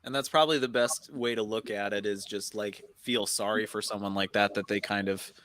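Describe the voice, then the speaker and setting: A man's voice: fairly low pitch, steady tone, fairly quick, a bit bright, no room sound. A man as a podcast guest in casual chat, sounding incredulous and dismissive.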